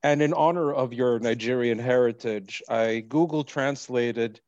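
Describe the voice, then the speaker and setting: A man's voice: medium pitch, unhurried, hardly any pauses, darkish tone. A man hosting a podcast interview, jokey and prone to stammering restarts. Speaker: podcast host. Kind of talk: casual interview chat. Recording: dull lo-fi sound.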